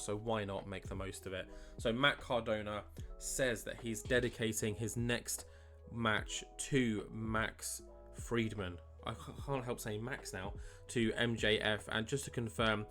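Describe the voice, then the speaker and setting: A man's voice: on the low side, fairly bright tone. A young man casually narrating a wrestling management game, chatty and rambling with lots of fillers. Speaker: let's play host. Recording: faint guitar music behind.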